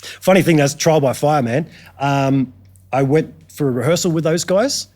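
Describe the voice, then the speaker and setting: A man's voice: on the high side, moderate pace, a little mellow. Australian man, casual podcast storytelling, laid-back, slangy, frequent ums and restarts. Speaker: guitarist guest.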